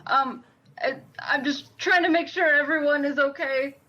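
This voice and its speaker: High, bright-voiced woman player. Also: steady tone, moderate pace, muffled recording. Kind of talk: casual chat at a tabletop game.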